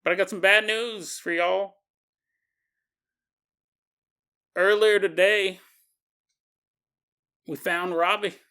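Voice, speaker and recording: A man's voice: sits high, fairly bright tone, clean tone, exaggerated voice. A man voicing a chatty small-town male sheriff with an exaggerated homespun drawl. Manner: exaggerated southern-style drawl, rambling and homespun.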